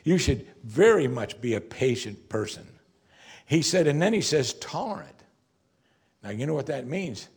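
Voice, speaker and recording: A man delivers a sermon as pastor, his voice slightly husky. He leans on rhetorical questions, punching certain words loudly before falling back to a soft, drawn-out delivery. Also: medium pitch, sing-song. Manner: rhetorical questions, sudden emphatic rises and quiet drops.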